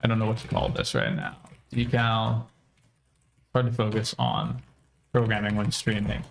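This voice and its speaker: A man's voice: on the low side, little pitch movement, normal speed, creaky, slight background noise. A young American man casually thinking aloud while programming on a livestream, with many fillers. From United States. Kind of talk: casual live coding commentary.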